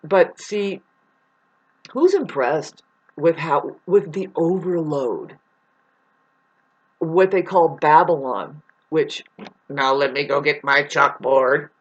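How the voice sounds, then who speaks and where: A woman's voice: low voice, slow pace, long pauses. A woman vlogger in a casual, rambling monologue who swears now and then and calls her listeners "babes.". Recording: dull lo-fi recording.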